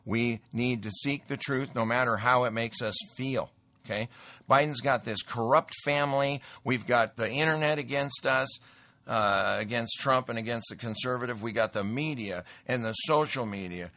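A man's voice: medium pitch, normal speed, bright, forceful tone, no echo. A middle-aged man hosting a commentary show, talking emphatically in a rambling way, often repeating himself. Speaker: host. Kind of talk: political commentary and sales pitch.

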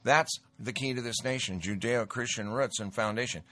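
A man's voice: medium pitch, moderate pace, sharp tone, dry recording. A middle-aged man hosting a commentary show, talking emphatically in a rambling way, often repeating himself. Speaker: host. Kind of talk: political commentary and sales pitch.

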